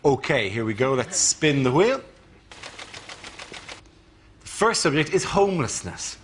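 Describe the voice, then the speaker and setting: A man's voice: medium pitch, big pitch swings, unhurried, a little hiss or hum. Male panel show host announcing rounds. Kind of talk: scripted presenting. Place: TV studio with audience.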